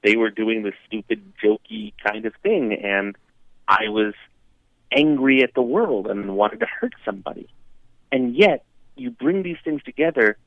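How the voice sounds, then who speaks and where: A man phones in as a guest and tells a story with lots of life, swinging his voice up and down. His tone is gravelly, and the phone line makes it thin. The sound is dry. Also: medium pitch, measured pace, no echo. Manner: animated storyteller who acts out the characters. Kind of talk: storytelling on a talk show.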